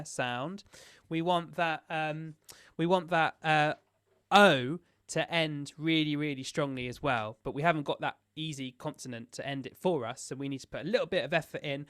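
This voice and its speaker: A man's voice: a little high, moderate pace, fairly bright tone, smooth, no echo. A man leading a choir sectional rehearsal as music director. He explains the parts step by step and counts in the beats.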